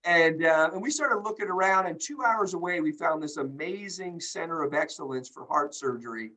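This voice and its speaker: A man talks on a group video call, fired up and emphatic. He acts out other people's lines in quick asides. His voice sits slightly high for a man. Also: lively intonation, sharp tone, low-quality recording. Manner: indignant, emphatic, acts out quoted dialogue. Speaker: healthcare company executive, guest.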